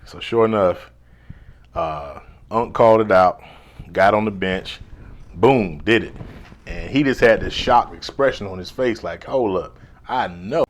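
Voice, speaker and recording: Deep-voiced man telling a laid-back story. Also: unhurried. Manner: laid-back and slangy, often calls the listener "man"; drops to a hushed whisper when replaying his inner thoughts. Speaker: life coach. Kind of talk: casual personal storytelling.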